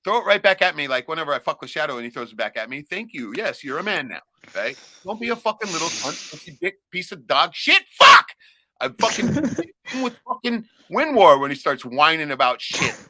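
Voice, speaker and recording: A middle-aged man rants on his livestream, profane and rowdy after a few beers. His voice is bright and cutting, and his pitch swings all over. The sound is dry and close. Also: very animated, a little fast, no echo. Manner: profane, rowdy, loud ranting. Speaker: livestream host. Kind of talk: casual livestream rant.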